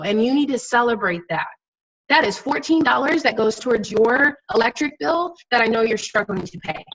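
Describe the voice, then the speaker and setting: A woman's voice: a little high, slightly rough, poor audio. A young adult woman, pregnant and close to tears, giving an earnest, emphatic motivational talk over a video call from a friend's house. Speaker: guest network-marketing coach.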